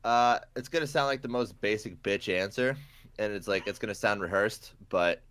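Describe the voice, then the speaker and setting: Young man, congested nasal sound, low pitch, dry close mic, rambling self-mocking podcast chat. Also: normal speed, fairly bright tone, smooth, dry recording. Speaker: podcast guest.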